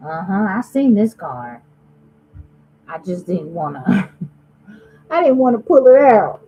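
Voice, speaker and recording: A woman's voice: high voice, animated, measured pace, pauses often, mellow, poor audio. A woman giving a casual tarot reading to her viewers, talking straight to them and musing aloud as she asks spirit questions. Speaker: tarot reader.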